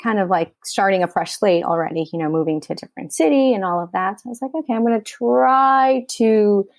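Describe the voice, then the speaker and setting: A woman's voice: fairly low pitch, expressive, quick pace, a little mellow, no echo. A woman from Queens, New York, a writer-director telling a personal story in an interview, candid and emotional, her speech full of "like" and "you know.".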